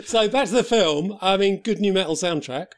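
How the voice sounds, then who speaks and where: A man's voice: high voice, moderate pace. A man hosting a podcast, chatting casually in brief remarks and laughing easily. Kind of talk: casual chat.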